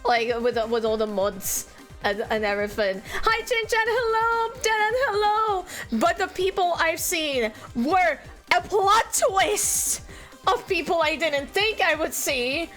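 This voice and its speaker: Young female streamer, non-native English speaker, high voice, chatty and full of fillers, faint music in the background. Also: animated, measured pace, a bit bright. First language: not English. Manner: chatty, giggly, many fillers and restarts. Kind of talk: casual chat with live chat.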